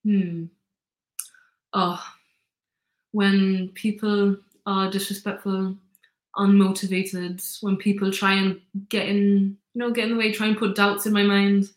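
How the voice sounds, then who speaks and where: In an echoey room, a woman speaks slowly in a medium-pitched voice with flat delivery. She's from Gibraltar, in her 20s, and chats upbeat as an interview guest, her speech thick with "like" and "you know".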